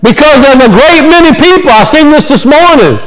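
A man with a strikingly high voice, preaching to his church. He reads a passage of scripture, then drives its point home by repeating key phrases with emphasis. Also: expressive, a little fast, fairly bright tone, poor audio. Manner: preaching, reading scripture aloud then expounding with emphatic repetition. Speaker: pastor. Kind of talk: sermon.

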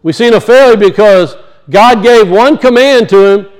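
A man preaching a sermon, emphatic, slowing down to teach word meanings and dropping low and quiet for weight. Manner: emphatic, slows to teach words, drops low and soft for weight.

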